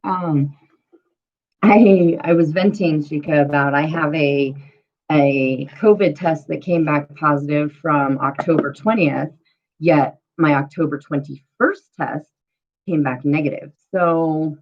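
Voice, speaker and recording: A woman's voice: sits low, slow. A middle-aged woman venting casually on her live stream, rambling and swearing, often asking "you know what I mean". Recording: dull lo-fi phone audio.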